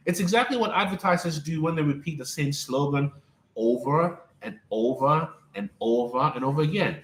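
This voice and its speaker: A man's voice: on the high side, fairly bright tone, reverberant, low-quality recording. A man hosting a live-streamed spiritual talk as a coach, speaking emphatically and repeating his points like a preacher, calling out to viewers by name.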